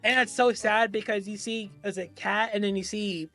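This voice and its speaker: High-voiced man cursing through a movie recap. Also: fairly even intonation, moderate pace, a bit bright, soft background music. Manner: profane, acts out lines from scenes. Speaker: podcast co-host. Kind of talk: casual movie discussion.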